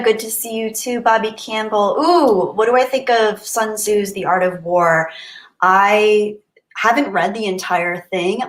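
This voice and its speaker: A woman hosting a casual livestream, chatting and answering viewer comments aloud. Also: lowish voice. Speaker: livestream host. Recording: roomy echo.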